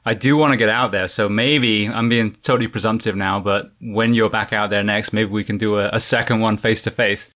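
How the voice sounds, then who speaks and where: A British man hosting a podcast interview, talking in a friendly, halting way with frequent fillers. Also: on the low side, fairly even intonation, a bit bright. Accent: British English. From Britain. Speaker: podcast host. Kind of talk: casual interview chat.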